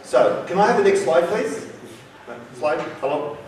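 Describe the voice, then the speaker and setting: A man's voice: high voice, expressive, unhurried, a little mellow, a little hiss or hum. A man with an Australian accent giving a university lecture, telling a story and acting out its dialogue. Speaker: guest lecturer. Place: lecture hall. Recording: very echoey hall, speaker far from mic.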